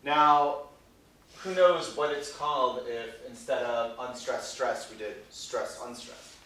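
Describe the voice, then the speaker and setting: A man's voice: medium pitch, fairly even intonation, slow pace, pushed and bright, a little hiss or hum. A man teaching a Shakespeare workshop in a playful way, often checking in with 'right?'. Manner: playful, ends phrases with 'right?'. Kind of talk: classroom teaching. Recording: echoey room, voice from far off.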